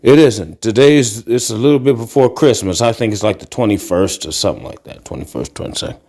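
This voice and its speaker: A man's voice: lowish voice, fairly quick. Ranting, profane middle-aged man. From Akron, Ohio. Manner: animated ranting, profane and blunt. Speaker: podcast host. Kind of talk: casual monologue vlog. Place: carpeted apartment living room, walking into tiled kitchen.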